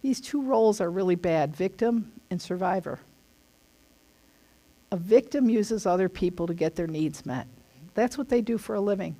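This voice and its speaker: Middle-aged woman teaching, talks earnest and emphatic, casual chatty delivery, mid pitch. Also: animated, normal speed, warm tone.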